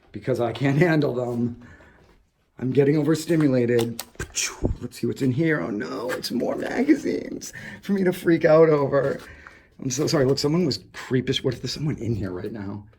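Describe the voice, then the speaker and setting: A man, vlogging while exploring an abandoned asylum indoors, gushing excitedly, swearing and rambling to himself. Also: mid-range voice, husky. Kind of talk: casual explore vlog, talking to camera.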